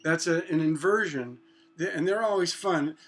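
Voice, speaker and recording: Loud acoustic guitar plays under a man with a slightly high voice as he teaches songwriting. Slow and halting, he restarts often, asks rhetorical questions and sings short "na na" phrases to show chords.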